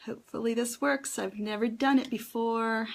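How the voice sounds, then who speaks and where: A woman's voice: on the high side, steady tone, normal speed, vocal fry. A woman hosting her first live stream for an essential oils class, chatty and a little nervous, with many ums as she greets viewers. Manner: chatty, warm greetings to viewers, filler-heavy.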